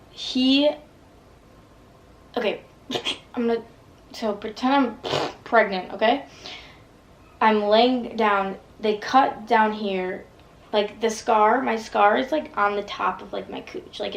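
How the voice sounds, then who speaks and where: Young woman, vlogger, casual storytime, rambling, fry in the voice. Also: mid-range voice, poor audio. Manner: rambling, lots of fillers and swearing.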